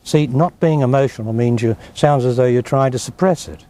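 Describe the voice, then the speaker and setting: A man's voice: medium pitch, a little fast, warm tone. A man with an Australian accent, a spiritual teacher giving emphatic, blunt answers in an interview. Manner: emphatic, blunt, dismissive of objections.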